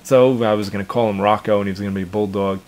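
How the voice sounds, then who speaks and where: A man's voice: lowish voice, steady tone, racing, darkish tone. A man in his thirties, a cartoon creator casually chatting in an interview, rambling and repeating his words with chuckles.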